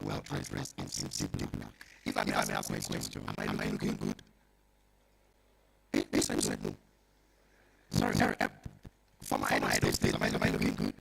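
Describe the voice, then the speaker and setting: A man's voice: a bass voice, gravelly. A man working as the MC at a launch event, joking and teasing the crowd. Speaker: MC at a product launch. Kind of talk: comic emcee banter. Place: large event hall. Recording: loud noisy event recording.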